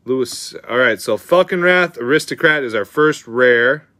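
A young man hosting a card pack opening in an excitable, slangy chat, calling viewers dude and bro. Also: mid-range voice, normal speed, no room sound.

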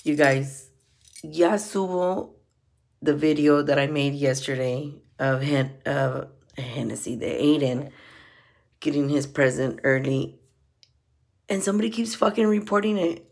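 Middle-aged woman, lowish voice, profane bilingual vlog rant. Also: unhurried, long pauses. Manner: profane, switches between English and Spanish. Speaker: vlogger.

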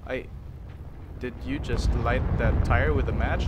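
A young man commentating a video game, excitable and jokey, talking to his character as he plays. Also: medium pitch, measured pace, noisy background. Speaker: gaming YouTuber. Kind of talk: let's play commentary.

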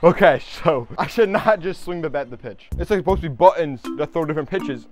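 A young man giving excitable, swearing commentary while playing a motion-control sports game at home. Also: fairly high pitch, a little fast. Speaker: gaming YouTuber. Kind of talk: gameplay commentary.

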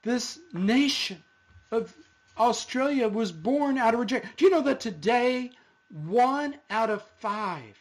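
Slow, earnest male pastor preaching. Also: extremely high pitch, expressive. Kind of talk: sermon. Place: church.

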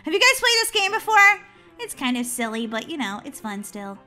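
A gaming channel host with a high, very bright voice narrates her own gameplay in an excitable let's-play style. She swoops all over her range, giggles often and shrieks whenever something chases her, talking a little fast over faint background music.

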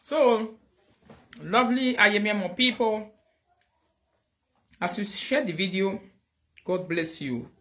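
A woman with a Nigerian Pidgin English accent hosting a casual livestream, animated, thanking viewers loudly and switching into Pidgin. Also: medium pitch, takes it slowly, pauses often. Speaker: livestream host.

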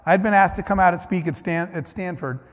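High-voiced man telling stories in a hall. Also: fast talker. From Ohio, United States. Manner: animated storyteller acting out dialogue. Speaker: keynote speaker. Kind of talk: storytelling keynote speech. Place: large conference hall. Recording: long hall reverb.

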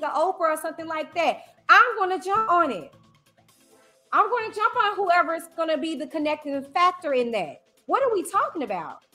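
A woman with a high, bright voice talks straight to her livestream viewers. She is emphatic and animated and keeps circling back to her phrases. Faint music plays behind her. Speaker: YouTuber host. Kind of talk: livestream commentary.

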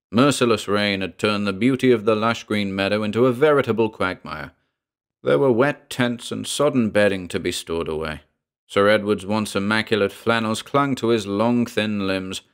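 A man narrating a horror story in a measured, dramatic storytelling voice. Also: lowish voice, clear, resonant tone.

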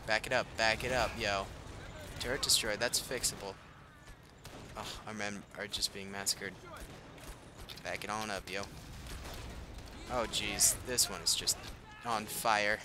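With a lowish voice, a steady tone and a measured pace broken by long pauses, a young gaming channel host casually comments on his war strategy game, reacting aloud and laughing at himself. Faint game noise can be heard behind him.

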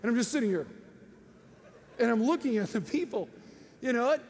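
A man preaching with an animated storytelling manner, laughing often and breaking into sudden loud outbursts. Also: very high-pitched, normal speed. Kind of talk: storytelling sermon. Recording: faint noise and long hall reverb.

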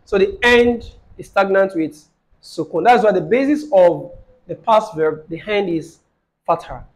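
A man teaching an Arabic grammar lesson online, quizzing his student and repeating phrases slowly. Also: sits high, expressive, poor audio.

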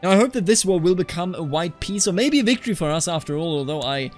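A man from Bavaria commentating his own strategy game session, reacting with loud dismay and then resolve when things go wrong. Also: high voice, fast, soft background music. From Bavaria, Germany. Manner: animated, reacts loudly to setbacks. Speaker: let's play commentator. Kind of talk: live gameplay commentary.

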